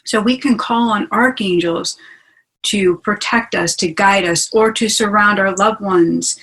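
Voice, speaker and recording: A woman's voice: mid-range voice, fairly bright tone, low-quality recording. A woman hosting a webinar as a spiritual teacher, talking in a chatty, enthusiastic way over a video call. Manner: chatty and enthusiastic, asks listeners along. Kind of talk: casual teaching talk.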